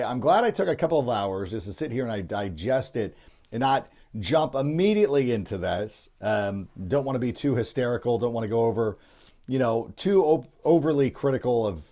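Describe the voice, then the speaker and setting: A man's voice: mid-range voice, dark tone. A middle-aged man hosting a sports podcast, talking casually and rambling with many restarts. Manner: rambling, frequent restarts and fillers. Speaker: podcast host.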